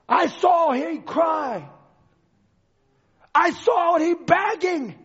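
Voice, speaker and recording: A male preacher giving a dramatic sermon, swinging from shouts to hushed lines, on a dull lo-fi recording. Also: very high voice, lively intonation, very slow, pauses often.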